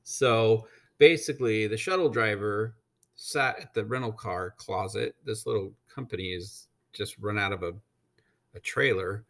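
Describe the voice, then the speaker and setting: Man, lowish voice, casual storytelling, blunt, swears a lot, rambles with ums. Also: a little slow, creaky. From United States. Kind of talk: casual anecdote.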